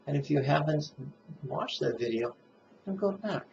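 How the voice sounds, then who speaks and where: A man leading a guided meditation, chanting a mantra slowly in call-and-response and drawing out each syllable. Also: fairly high pitch, animated, vocal fry, a little mellow, muffled recording, slight background noise. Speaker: meditation teacher.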